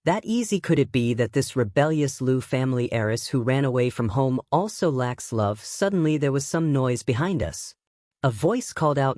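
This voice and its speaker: A man reads a first-person tale in a steady, wry voice, pitched in the middle for a man. The sound is close and dry, with no room behind it. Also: normal speed, no echo. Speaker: narrator. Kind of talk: first-person story narration.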